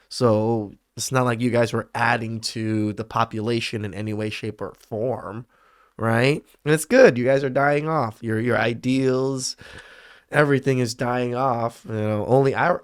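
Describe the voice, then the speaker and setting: A man hosting a casual reaction commentary, dismissive and mocking in tone. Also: medium pitch. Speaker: host.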